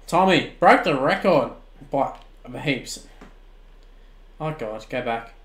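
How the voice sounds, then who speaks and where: Excitable Australian streamer in his twenties. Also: fairly high pitch, slow, echoey room. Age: 20s. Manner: excitable, swings from shouting at the game to relaxed chat. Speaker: gaming streamer. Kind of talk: live-stream commentary and chat replies.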